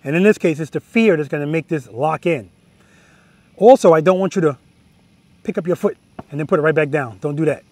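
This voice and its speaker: A man teaching slow-speed motorcycle skills outdoors, coaching directly and repeating key words for emphasis. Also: on the high side, a little mellow, no echo. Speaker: motorcycle riding instructor. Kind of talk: outdoor riding lesson instruction. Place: outdoor practice lot.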